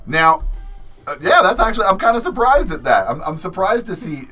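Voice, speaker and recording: A man in his forties chats on his livestream, his pitch leaping all over the place as he swears and laughs through stories. His voice is bright and a touch high for a man, loose and unfiltered. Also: big pitch swings, fairly quick, soft background music. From Canada. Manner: profane, laughing storyteller. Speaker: livestream host. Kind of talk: casual livestream chat.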